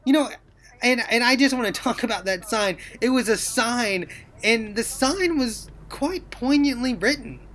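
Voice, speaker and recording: A woman's voice: on the high side, lively intonation, a little slow, fairly bright tone. A woman co-hosting a podcast, telling a rambling story in casual chat and laughing often. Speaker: podcast co-host.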